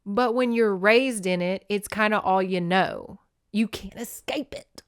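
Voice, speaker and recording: Brief: young woman podcast host, mid-pitch, blunt and profane storyteller, dry close mic. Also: a little slow, clear, resonant tone, no room sound. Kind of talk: casual storytelling chat.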